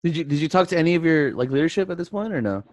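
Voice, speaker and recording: A man with a fairly high, very lively voice hosts a casual chat, reacting to a story with quick laughs and swearing in disbelief. The sound is dry and close. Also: no room sound.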